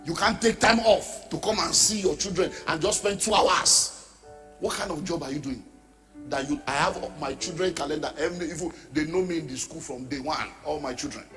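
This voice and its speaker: A man's voice: a little high, moderate pace, fairly bright tone, big-room sound, soft background music. A middle-aged Nigerian man preaching a sermon as pastor, emphatic, dropping into pidgin asides and mimicking the people he talks about.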